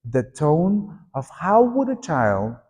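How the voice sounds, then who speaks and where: Man, middle-aged, somewhat high voice, lively workshop leader, echoey conference hall. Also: takes it slowly. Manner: lively, prompts the audience to repeat and join in. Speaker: teacher trainer. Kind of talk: workshop presentation to teachers. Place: conference room at a teachers' meeting.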